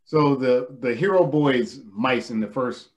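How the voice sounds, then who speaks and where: A man co-hosting a relaxed film podcast. He rambles and hesitates as he goes, restarting his thoughts. His voice sits at an ordinary middle pitch. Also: measured pace, slight background noise. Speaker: podcast co-host. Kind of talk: casual film discussion.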